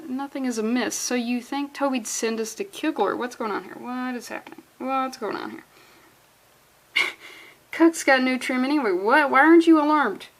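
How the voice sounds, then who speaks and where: Higher-voiced woman doing a sarcastic, incredulous comic-reading commentary, often laughing through her words. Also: low-quality recording. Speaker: comic reviewer. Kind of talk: comedic comic-book reading.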